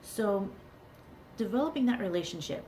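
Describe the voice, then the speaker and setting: A woman's voice: medium pitch, animated, normal speed, warm tone, a little hiss or hum. A middle-aged woman, a parenting coach, giving earnest advice to camera and repeating key words for emphasis. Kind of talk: talking-to-camera advice video.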